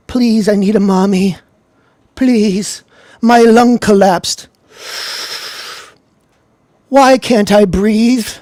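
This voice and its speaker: A whiny, self-pitying grown man, put on by a streamer mocking someone, who drags out his complaints slowly and keeps ending them with "eh?". The voice sits in a dead, dry room with no echo. Every line sounds sorry for itself. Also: high voice, a little mellow, voice pushed up. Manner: whining, ends lines with "eh?".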